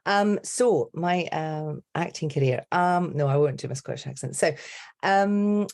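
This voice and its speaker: A middle-aged woman from England speaks with an English accent in a low, deep register. She chats animatedly as a podcast guest, telling stories with plenty of energy. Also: unhurried, creaky. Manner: chatty, animated storyteller. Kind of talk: casual interview chat.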